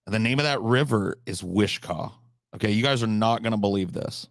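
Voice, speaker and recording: A man hosting a live stream, telling rambling, absurd comic stories with deadpan delivery and profane asides. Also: lowish voice, a little fast, gravelly, dry recording, clean studio sound. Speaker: livestream host.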